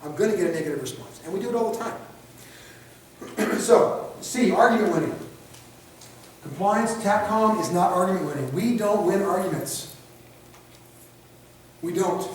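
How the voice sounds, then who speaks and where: A man with a high voice leads a training class in a casual, conversational way, throwing rhetorical questions at the room and slipping into quoted voices to act out scenes. He sounds set back from the mic, in a space that rings with heavy echo. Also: darkish tone, a little hiss or hum. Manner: acts out quick street scenarios in quoted voices. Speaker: instructor. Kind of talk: classroom lecture. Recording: echoey room, picked up from a distance.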